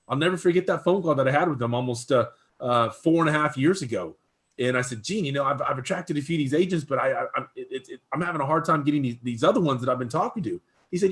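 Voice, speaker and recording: A real estate recruiter telling a story in a casual, rambling way, full of restarts and fillers. His voice is fairly high for a man. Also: fast talker.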